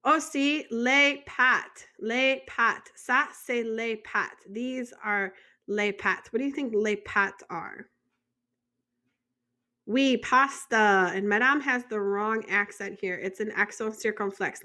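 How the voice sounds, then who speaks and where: A woman's voice: medium pitch, slow, sharp tone. An American woman teaching a French vocabulary lesson in a chatty way, joking and asking the viewer questions. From United States.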